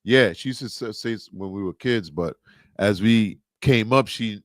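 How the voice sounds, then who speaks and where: A man's voice: on the low side, normal speed, dry recording, clean studio sound. A man co-hosting a casual podcast, chatting loosely and acting out the voices of people in his stories. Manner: animated storyteller, acts out quoted voices. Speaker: podcast co-host. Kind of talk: casual chat.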